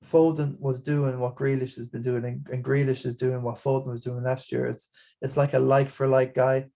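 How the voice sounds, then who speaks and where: A man's voice: mid-range voice, flat delivery, normal speed, creaky, dark tone. A man with an Irish accent hosting a casual fantasy football chat, rambling along with frequent restarts and repeated words. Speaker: podcast host.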